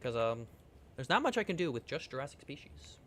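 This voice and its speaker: A man's voice: medium pitch, sing-song, a little fast, a bit bright, slight background noise. A man streaming a video game, chatting casually with viewers in a playful, rambling, jokey way with some swearing. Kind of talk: casual game livestream chat.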